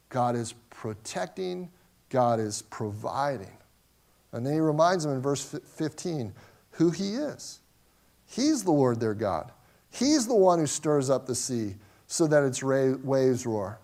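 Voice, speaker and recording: Earnest male Bible teacher, higher voice. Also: sing-song, measured pace, a little mellow. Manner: earnest, repeats and restarts words.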